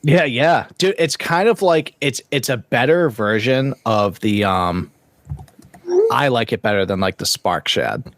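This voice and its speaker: Profane, animated man telling a story. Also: medium pitch, measured pace, dry recording. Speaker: podcast co-host. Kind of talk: casual chat.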